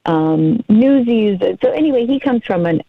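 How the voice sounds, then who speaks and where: Middle-aged actress guest, effusive and chatty, dry slightly dull call audio. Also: female voice, fairly high pitch, animated, normal speed, dry recording. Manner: chatty and effusive, laughs often. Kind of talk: casual interview chat.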